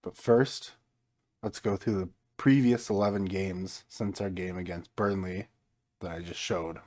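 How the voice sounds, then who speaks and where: A man giving casual, mostly flat commentary over his own football management game, getting livelier when something happens. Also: unhurried. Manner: mostly flat and low-key, jumping up excitedly at goals; self-described monotone delivery. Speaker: gaming YouTuber.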